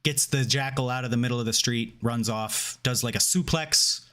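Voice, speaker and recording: A man's voice: mid-range voice, normal speed. A man co-hosting a casual chat show, retelling a story with lots of fillers. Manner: animated retelling with filler words. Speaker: podcast co-host.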